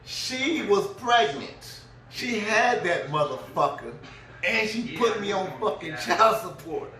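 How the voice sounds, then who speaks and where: A man's voice: sits high, animated, takes it slowly, a crowd in the background. A middle-aged man telling a crude, rambling story, laughing as he goes. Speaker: vlogger. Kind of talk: profane storytelling rant. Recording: roomy, distant mic.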